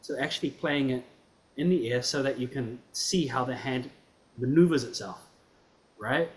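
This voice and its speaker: A man's voice: mid-range voice, normal speed. Encouraging male piano teacher giving feedback. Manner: encouraging, checks understanding with "right?" and "yeah?". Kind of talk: giving feedback in a performance class.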